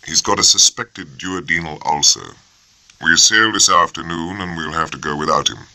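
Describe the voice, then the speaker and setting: A man reading the lines of a calm, reserved naval captain with measured, businesslike delivery. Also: deep voice, no room sound, heavily acted.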